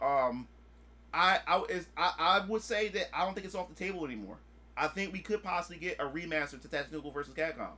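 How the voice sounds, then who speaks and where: Man, streamer, casual chat, excitable, crisp bright tone, a bit high. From United States. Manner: excitable, swears freely, acts out his own past reactions.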